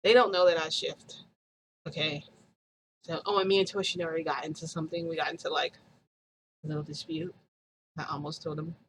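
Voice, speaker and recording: A woman vlogger telling a story to her viewers in a chatty, animated way, acting out quoted dialogue. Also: low voice, a little fast, long pauses, a little hiss or hum, poor audio.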